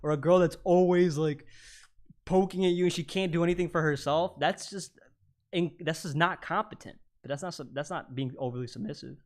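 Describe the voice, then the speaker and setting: A man's voice: on the high side, brisk, darkish tone. A man hosting a panel debate, lecturing in an assertive way and dropping his tone for emphasis. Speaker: podcast host.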